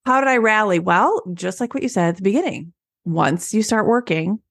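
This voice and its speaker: A woman's voice: mid-range voice, fairly quick, vocal fry, no room sound, clean studio sound. A woman hairstylist co-hosting a casual chat, telling stories and acting out peppy voices. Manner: lively storyteller, acts out peppy voices. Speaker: podcast co-host, hairstylist.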